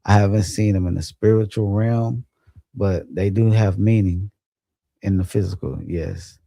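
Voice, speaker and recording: A man's voice: sits low, normal speed, gravelly, mellow, husky, no room sound, clean studio sound. A young man hosting a livestream, chatting casually and reading out viewer comments in a laid-back, rambling way, laughing often. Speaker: livestream host.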